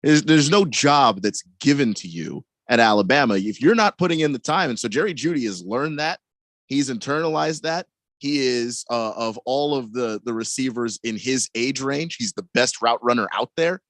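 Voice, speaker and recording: A man's voice: mid-range voice, lively intonation, moderate pace, fairly bright tone, no room sound, studio quality. A man co-hosting a sports radio show who analyzes players in a casual way and often restarts his sentences.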